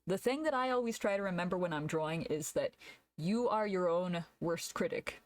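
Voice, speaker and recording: A woman's voice: on the low side, normal speed. A young woman streamer chatting casually while she draws, laughing often and answering her chat aloud.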